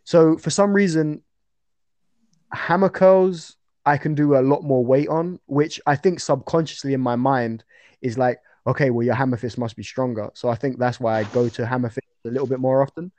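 A man's voice: medium pitch, a little fast, a little mellow, dry recording. A young man talking casually as an interview guest about his fights, rambling with fillers and restarts.

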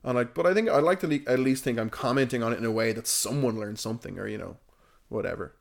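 A man on a casual podcast who tells stories with lots of energy and swears freely. His voice sits at a middle pitch, neither deep nor high. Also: quick pace, vocal fry. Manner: animated storyteller, swears freely. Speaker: podcast co-host.

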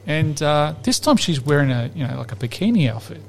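A man's voice: fairly high pitch, brisk, creaky, slight background noise. A man, a podcast host telling a long rambling joke in casual chat. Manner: rambling, lively, laughs at his own joke.

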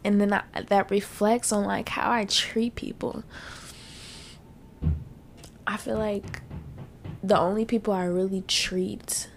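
A young woman talks through tears, sniffling as she vents bluntly and swears freely. Her voice sits at an ordinary middle pitch with a strong gravelly fry. A faint low rumble runs underneath. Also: flat delivery, takes it slowly, long pauses. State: tearful, sniffling. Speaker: podcast host. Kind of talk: casual personal monologue.

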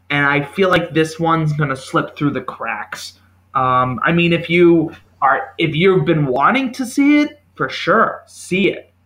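A man with a slightly high, bright voice co-hosts a casual movie podcast. He talks in an animated way and acts out his own reactions as he goes. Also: poor audio. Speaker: podcast co-host. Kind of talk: casual chat about movies. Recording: home podcast recording.

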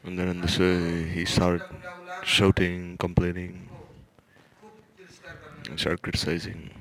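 A man giving a religious lecture, retelling a scripture story in a measured way and often restarting his phrases. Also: low voice, monotone, low-quality recording. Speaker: religious speaker.

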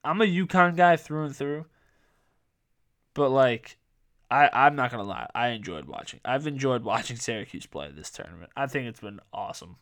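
A man's voice: medium pitch, expressive, normal speed, fairly bright tone. Casual young man rambling on a sports podcast. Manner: rambling, filler-heavy, self-correcting. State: voice going hoarse. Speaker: podcast host.

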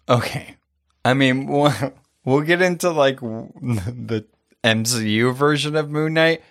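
A man co-hosting a podcast in casual chat, animated, often laughing, his pitch jumping high when excited. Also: slow pace. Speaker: podcast co-host.

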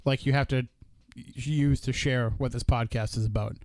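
A man on a podcast, chatting casually with calm, wry interjections. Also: medium pitch, normal speed, no room sound.

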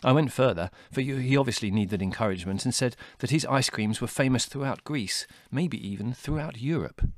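A man reading an audiobook in a wry, measured storytelling manner. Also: mid-range voice, dry recording. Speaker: audiobook reader. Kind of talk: scripted narration.

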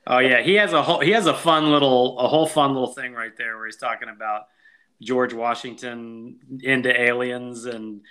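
A man's voice: mid-range voice, steady tone, moderate pace, a crowd in the background. A man co-hosting a casual movie review podcast, laughing often and acting out quotes in goofy voices. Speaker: podcast co-host.

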